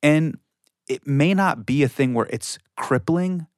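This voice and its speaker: A man's voice: a little high, measured pace, no echo, clean studio sound. Emphatic man from California. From California, USA. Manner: emphatic, passionate. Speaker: guest comedian. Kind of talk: casual interview talk.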